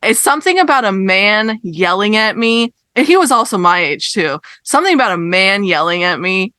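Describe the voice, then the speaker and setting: Bright-voiced young woman ranting animatedly. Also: medium pitch, moderate pace, no room sound. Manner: animated, swears, rants with exasperated emphasis. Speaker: podcast co-host. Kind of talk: casual chat, storytelling.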